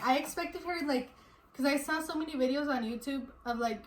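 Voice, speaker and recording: A woman in her twenties tells a story in a casual, animated way and laughs often. Her voice sits fairly high. She is recorded indoors at home, in a room that echoes noticeably, with a faint background hiss. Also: fairly quick. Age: 20s. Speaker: vlogger and new mother. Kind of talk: casual chat.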